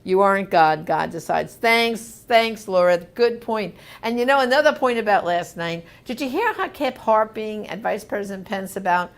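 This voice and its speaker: Woman, host, live comment reading, emphatic, conversational, medium pitch. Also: lively intonation, moderate pace, hardly any pauses. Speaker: host answering viewer comments.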